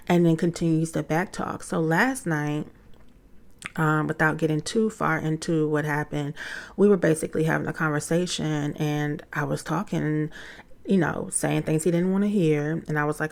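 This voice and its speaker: A woman in her thirties with a low voice, moderate pace and vocal fry hosts a casual podcast talk. A mother of a teenager, she candidly and animatedly tells a story about her son, acting out quoted lines.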